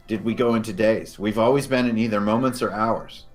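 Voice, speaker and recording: A man as game master, narrating scenes descriptively and slowing down for dramatic moments. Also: on the low side, fairly even intonation, faint music behind.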